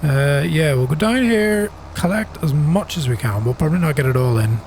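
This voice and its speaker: A middle-aged Northern Irish man with a softened accent, chatting casually and thinking aloud with plenty of ums as he commentates his own farming game. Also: a little high, expressive, normal speed, a little hiss or hum. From Northern Ireland. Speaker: gaming channel host.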